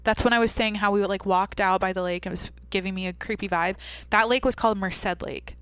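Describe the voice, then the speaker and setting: A woman's voice: medium pitch, steady tone, brisk, fairly bright tone, clean tone, no room sound. Candid young woman podcaster, rambling. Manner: rambling, candid, heavy use of "like". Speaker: podcast host. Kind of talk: casual monologue.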